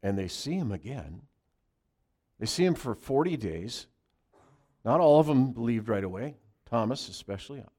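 A male pastor preaching a sermon, pressing key phrases hard and then dropping into quiet asides. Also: mid-range voice, very animated, normal speed, long pauses.

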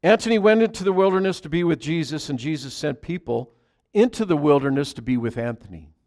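A man preaching a conversational sermon, moving between loud, emphatic scripture reading and quiet asides to his congregation. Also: on the high side, expressive, fast. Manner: chats with the congregation. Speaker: pastor.

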